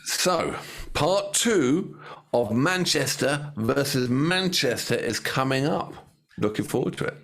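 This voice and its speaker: Joking English man, mid-pitched. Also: lively intonation, slow, gravelly, fairly bright tone. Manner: joking, laughs often, playful. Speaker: co-host of a music reaction show. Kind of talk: casual banter.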